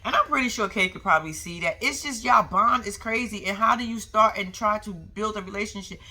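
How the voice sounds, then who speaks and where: A woman's voice: mid-range voice, a little fast, bright, forceful tone. A young woman recapping a reality show in a sassy, slangy way, talking back to the people on it and making frequent asides to her viewers. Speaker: vlogger.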